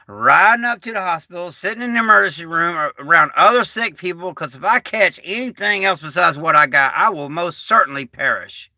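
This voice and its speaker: Middle-aged male livestream host, folksy storyteller, still getting over being sick, lively up-and-down delivery. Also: on the high side, normal speed, no echo, clean studio sound. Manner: folksy, rambling, animated. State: recovering from illness. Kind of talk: casual livestream chat.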